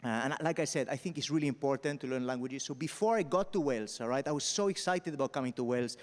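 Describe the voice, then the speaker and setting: A young man from Mallorca doing an animated stand-up comedy set on a festival stage, peppering his talk with punchy "all right?" asides. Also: mid-range voice, fast talker, big-room sound. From Mallorca, Spain. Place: festival stage before a live audience.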